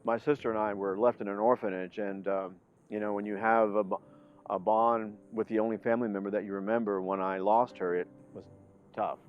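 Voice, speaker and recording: A man reflecting on his near-death experience in an interview, speaking in a halting, soft-spoken way. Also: fairly low pitch, fairly even intonation, phone-quality sound, a little hiss or hum. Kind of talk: personal storytelling.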